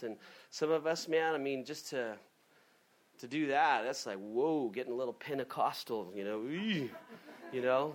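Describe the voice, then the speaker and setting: A man preaching a sermon in a lively, conversational way, often breaking off and restarting his sentences. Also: on the high side. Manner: animated, conversational, self-interrupting. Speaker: pastor.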